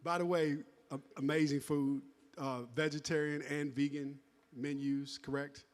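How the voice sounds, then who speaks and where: A man's voice: fairly high pitch, little pitch movement, a little slow. Playful man joking on stage. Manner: playful, teasing, laughs often. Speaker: emcee handing out awards. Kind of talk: joking live event banter. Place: live graduation event hall. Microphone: handheld wireless mic.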